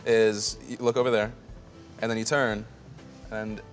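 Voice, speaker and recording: A man's voice: fairly low pitch, little pitch movement, unhurried, faint music behind. A man host in a casual panel chat, playfully explaining with emphasis. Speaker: show host.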